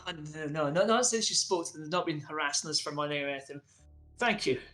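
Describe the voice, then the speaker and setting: A man plays a teasing young worker at a late-night noodle stand, easygoing and friendly. His voice is high and bright. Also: lively intonation, fast, faint music behind. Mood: grateful. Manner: easygoing, playful.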